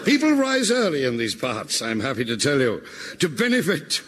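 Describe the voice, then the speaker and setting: An actor playing a smug, vain master detective in a radio comedy, speaking pompously and theatrically. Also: male voice, a little high, wildly swooping pitch, normal speed, noisy background. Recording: live audience laughter. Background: audience laughter.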